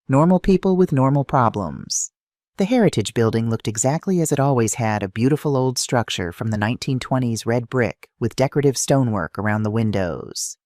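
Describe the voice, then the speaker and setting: Mellow, lively dramatic story narrator. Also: medium pitch, no room sound, studio quality.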